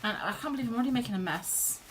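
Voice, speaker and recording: Speaking at a racing pace in a fairly high voice, a woman paints on a live stream at home, sitting on her sofa wrapped in a blanket. The art streamer chats casually, reads out chat messages and rambles while cheering herself on. The background is noisy, with quiet music playing.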